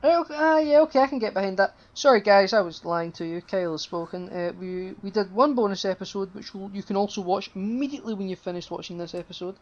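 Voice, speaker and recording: A woman's voice: mid-range voice, quick pace, few pauses, a little mellow. A woman co-hosting a casual podcast, rambling with lots of fillers and casual swearing. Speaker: podcast co-host. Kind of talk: casual chat. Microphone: home podcast mic with a buzz. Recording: dull lo-fi home mic.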